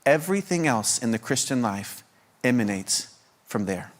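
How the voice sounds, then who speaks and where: This man preaches as a guest preacher in a medium-pitched voice with big pitch swings and normal speed. He presses his point with repeated rhetorical questions, stumbling over restarts and stammered repetitions.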